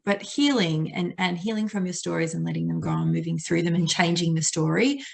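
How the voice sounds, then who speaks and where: A woman podcast host chatting casually, reflecting and thinking out loud. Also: on the low side, sing-song, fairly quick, vocal fry. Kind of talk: casual chat.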